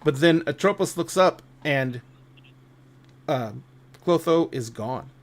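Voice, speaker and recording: A man narrating a tabletop game as game master, thoughtful and unhurried. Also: a little high, lively intonation. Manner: slow, thoughtful, with restarts.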